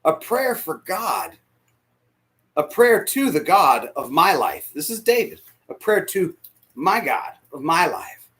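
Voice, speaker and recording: A man preaching a sermon as pastor, emotional, dropping to near whispers and rising to shouts. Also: fairly high pitch, very animated, slow. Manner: emotional, swings from hushed to shouting. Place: church sanctuary.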